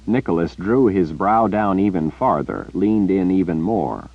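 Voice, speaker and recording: Very deep-voiced male audiobook narrator. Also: lively intonation, a little slow, few pauses, husky, no echo, highs cut off.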